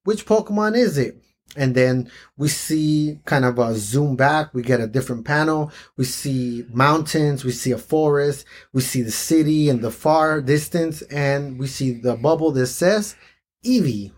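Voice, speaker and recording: A man talks through a comic chapter with a co-host in a loose, casual way. His voice is husky and slightly breathy. He laughs often and jumps his pitch up high to act out the characters' lines. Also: a little slow. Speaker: podcast co-host. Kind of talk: casual chat reading a manga aloud.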